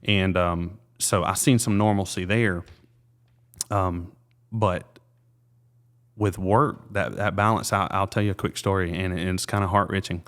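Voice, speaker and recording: A South Carolina realtor in his thirties tells a personal story during an interview, earnest and halting, full of fillers and restarts. His voice is low, steady in tone, and a bit bright.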